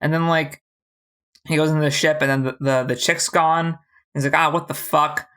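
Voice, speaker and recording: A podcast co-host rattling through a TV episode recap in loose, casual chat. The delivery is profane and animated, slipping into quick acted-out lines for the characters. Pitch sits in an ordinary middle range. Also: clear, resonant tone.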